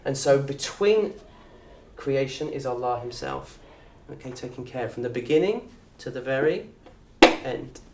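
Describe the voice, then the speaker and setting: A man with a southern English accent teaching an Arabic course in a lecture room. He talks in a lively way, quizzes the audience and acts out little scenes. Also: medium pitch, unhurried, background noise. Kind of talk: lecture to an open day audience. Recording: roomy echo from a distant mic.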